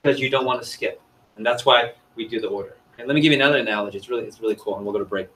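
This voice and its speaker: A man's voice: mid-range voice, racing, fairly bright tone, slight background noise. Male sales trainer, chatty and upbeat, quizzing a seminar audience, mid-range voice. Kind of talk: interactive training seminar talk.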